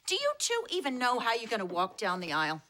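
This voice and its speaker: A woman's voice: fairly high pitch, huge pitch swings, fast, sharp tone, a little hiss or hum, heavily acted. An actress playing a bossy, teasing grandmother in a sitcom. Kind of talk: sitcom acting.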